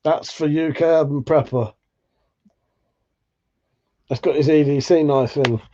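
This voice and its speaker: A man's voice: a little high, fairly even intonation, a little slow, warm tone. Tired male streamer, laid-back and sweary, on a dull lo-fi mic. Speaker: livestream host. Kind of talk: casual live chat.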